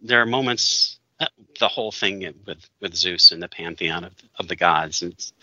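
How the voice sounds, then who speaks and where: Bright, opinionated man in casual chat. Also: sits low, moderate pace, no room sound. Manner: opinionated, rambling, laughs often. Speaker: podcast co-host. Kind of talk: casual chat reviewing a movie. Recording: dull dry lo-fi sound.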